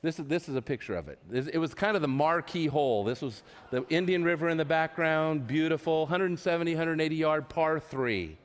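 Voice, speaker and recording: A man's voice: on the high side, lively intonation, fairly quick, few pauses. A male pastor telling a personal story in a sermon, chatty and self-deprecating, stumbling over his words as he goes. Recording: long reverb of a large hall.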